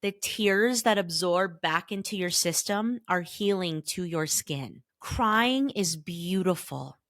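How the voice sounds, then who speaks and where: A woman's voice: on the low side, lively intonation, takes it slowly, dry recording, clean studio sound. A woman in her thirties hosting a solo podcast, talking earnestly and directly to her listeners with casual advice. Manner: warm, earnest, emphatic, addresses listeners directly. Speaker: podcast host and therapist.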